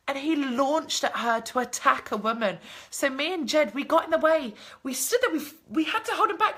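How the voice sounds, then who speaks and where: Woman vlogger, bright tone, pitched a little high, animated and sweary. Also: moderate pace. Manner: animated storytelling, swears freely. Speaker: vlogger answering viewer comments. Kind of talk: casual chat, live stream.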